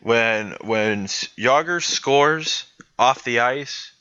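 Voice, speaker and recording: Excitable guy swearing about hockey on a call, bright crisp voice, slow, dry. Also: medium pitch, no echo, lo-fi sound. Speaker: podcast co-host. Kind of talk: casual hockey chat.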